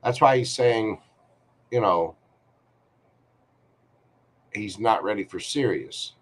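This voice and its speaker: A man giving a live-streamed tarot reading, talking to the viewer in a chatty, reassuring way. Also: fairly low pitch. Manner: slow, chatty, reassuring, talks to viewer directly. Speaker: tarot reader.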